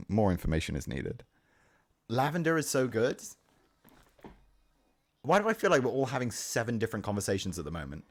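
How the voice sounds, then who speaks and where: A man's voice: fairly low pitch, very animated, normal speed, pauses often. A young man streaming live, chatting casually with his chat, answering questions and swearing offhand. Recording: faint music in the background. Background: faint music.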